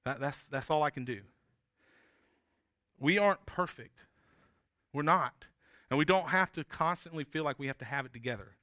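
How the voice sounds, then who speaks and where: A man's voice: fairly high pitch, moderate pace, long pauses, pushed and bright, no echo, clean studio sound. A man preaching a sermon as pastor, talking in an earnest, conversational way with frequent restarts and tag questions.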